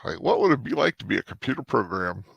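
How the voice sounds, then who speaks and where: A man's voice: fairly low pitch, big pitch swings, fast, creaky, fairly bright tone, slightly rough, no room sound. A man hosting a casual movie rewatch commentary, rambling with fillers and laughing often.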